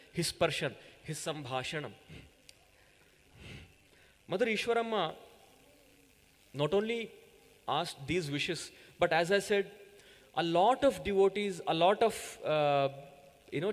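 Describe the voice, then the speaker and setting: A man giving an earnest devotional talk to children, often checking in with "right?" and "yeah?". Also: high voice. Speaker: youth coordinator giving a talk. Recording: echoey hall reverb.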